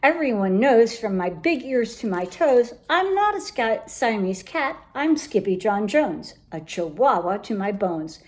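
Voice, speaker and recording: A woman's voice: a little high, big pitch swings, a little slow, hardly any pauses. A woman voicing a bouncy, boastful cat boy who plays a chihuahua hero in a mock-Spanish swagger. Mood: sing-song.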